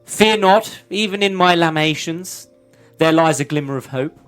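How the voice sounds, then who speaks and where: A man's voice: on the high side, moderate pace, fairly bright tone, clear, resonant tone, faint music behind, voice pushed up, natural voice. A man voicing a melancholy talking tulip in a tabletop game, lamenting in flowery, theatrical phrases. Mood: mournful. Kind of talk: tabletop role-play voice.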